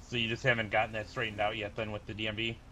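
A man's voice: on the low side, little pitch movement, very fast, pushed and bright. A man playing a polite sheriff's deputy in a game roleplay, hesitant and full of "uh"s. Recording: dull lo-fi mic with faint noise.

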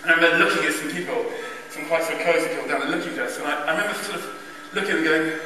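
A man with a fairly high voice spins a wry, self-deprecating anecdote for a church crowd. He is picked up from well back, and his words ring through a long, echoing hall. Faint room murmur sits behind him. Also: fairly even intonation, very fast, background noise. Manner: wry, self-mocking, chuckling anecdotal delivery. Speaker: speaker at a church carol event. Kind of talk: humorous storytelling to an audience. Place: large church. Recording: distant echoey church recording.

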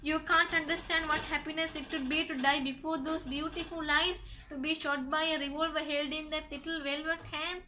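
Lovesick landowner, overwrought pleas, bright voice, read by a woman. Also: sits high, little pitch movement, moderate pace, few pauses, a little hiss or hum. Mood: pleading. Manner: pleading, overwrought declarations. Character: blustering lovesick male landowner.

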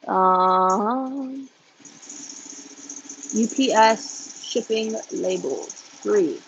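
A woman's voice: mid-range voice, extremely slow, pauses often, lo-fi sound, slight background noise. A woman who runs an embroidery business, chatting casually as she answers viewer questions and switches between English and Spanish, laughing at herself. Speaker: embroidery business owner answering live chat. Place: home embroidery studio.

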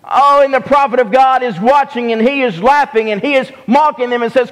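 A man with a Southern US accent preaching a sermon as pastor, slow and deliberate, often restarting his phrases. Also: extremely high pitch. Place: church sanctuary. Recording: long hall reverb.

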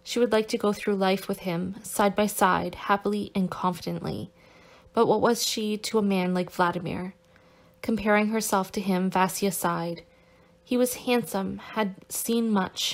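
A woman narrates a novel in a steady, careful reading voice at a middle pitch. She now and then stops to correct a stumbled word. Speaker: audiobook narrator.

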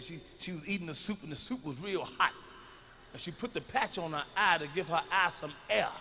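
A middle-aged man performing a stand-up comedy routine, telling stories loudly and with plenty of profanity. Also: sits high, vocal fry, slight background noise. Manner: loud, profane storytelling. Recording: live arena recording with long reverb.

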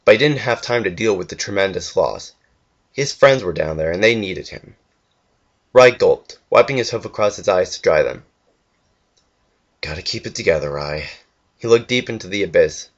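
A young man reads a fan story aloud with earnest drama, now and then stumbling and starting a line over. His voice is on the low side. The home recording sounds dull and lo-fi. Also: expressive, brisk. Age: young adult. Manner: earnest, with occasional stumbles and restarts. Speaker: fanfiction reader.

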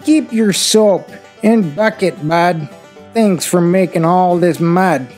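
A man voicing a group of stubborn, mud-loving pigs in a read-aloud storybook, taunting in a slow, drawn-out way. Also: high voice, a little mellow, soft background music, pitched above the performer's own voice. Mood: defiant.

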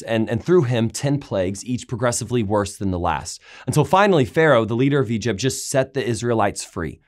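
A pastor preaching a sermon, retelling scripture stories with lively, raised voices for the quoted complaints. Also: male voice, mid-range voice. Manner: animated storytelling, raising voice for quoted complaints. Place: large church auditorium.

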